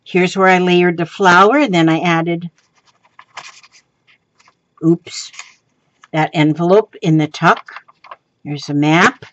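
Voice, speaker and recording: Slow, giggly woman crafting vlogger. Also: fairly low pitch, fairly bright tone, lo-fi sound. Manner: rambling, full of ums and restarts, giggly. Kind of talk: casual show-and-tell chat.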